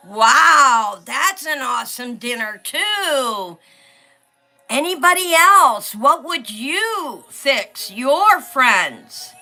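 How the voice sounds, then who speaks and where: A middle-aged woman chats slowly on her livestream and reads out viewer comments. Her voice is bright and sits a little high. Faint music plays behind her. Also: expressive. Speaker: livestream host. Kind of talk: casual livestream chat while coloring.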